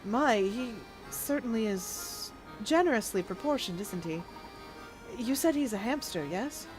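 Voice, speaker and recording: A woman voicing a courteous middle-aged gentleman professor who talks in a formal, measured way. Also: on the high side, animated, soft background music, poor audio. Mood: polite.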